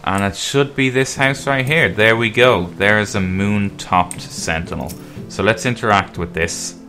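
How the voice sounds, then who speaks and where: A man hosting a game guide video, explaining relaxed and casually as he plays. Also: fairly low pitch, unhurried, faint music behind. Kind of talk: casual gameplay walkthrough commentary.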